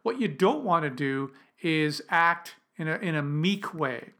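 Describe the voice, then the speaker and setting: Bright-voiced man teaching cold calling. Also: a little high, animated, unhurried. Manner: conversational, emphatic, with frequent restarts. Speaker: copywriting instructor. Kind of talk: spoken lesson with role-played calls.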